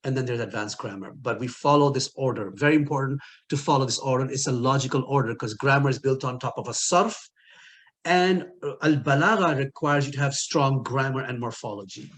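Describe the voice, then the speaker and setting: Man, online lecture, linguistics teacher, mid-pitched, playful, laughs at own jokes. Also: a little fast, fairly bright tone. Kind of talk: recorded online lecture with quiz.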